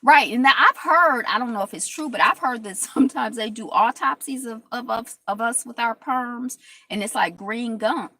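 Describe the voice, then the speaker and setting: A woman hosting a casual talk stream, telling stories in lively quoted voices and reading viewer comments aloud. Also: a little high, moderate pace. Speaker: host.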